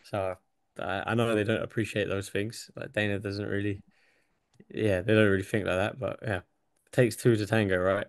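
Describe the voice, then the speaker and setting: A man's voice: fairly low pitch, moderate pace, dry recording, clean studio sound. A young English man, a fighter, chatting casually in an interview, swearing freely and laughing as he talks. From England. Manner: relaxed, swears freely, laughs between thoughts. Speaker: UFC fighter guest.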